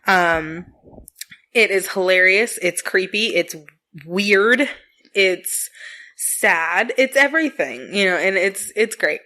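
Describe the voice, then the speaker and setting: Laughing, swearing mom co-hosting a podcast. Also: female voice, medium pitch, takes it slowly. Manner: animated storytelling, swears freely, laughs often. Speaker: podcast co-host. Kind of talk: casual chat.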